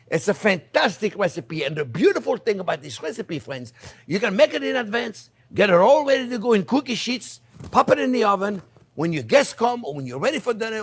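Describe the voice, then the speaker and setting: An older chef hosting a cooking demonstration talks straight to viewers as if they were his friends, enthusiastic and coaxing. His voice sits high with a breathy edge.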